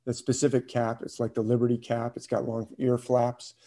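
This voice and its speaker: A man's voice: medium pitch, completely flat delivery, normal speed, mellow. A man teaching a class, retelling a story casually with fillers and questions to students. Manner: storytelling, asks questions, chuckles, hesitant fillers. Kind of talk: informal class lecture.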